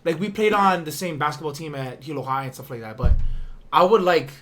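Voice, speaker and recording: Young dude with a bright tense voice, slightly high, telling stories and swearing. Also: male voice, fairly quick. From Hawaii, Big Island. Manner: animated storyteller, acts out quotes, heavy swearing. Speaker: podcast host. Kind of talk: casual storytelling chat.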